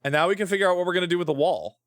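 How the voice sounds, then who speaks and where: Guy streaming a game, joking around and swearing, a bit high voice, dry close mic. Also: racing, dry recording. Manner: playful, rambling, swears a lot. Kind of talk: casual gameplay chat.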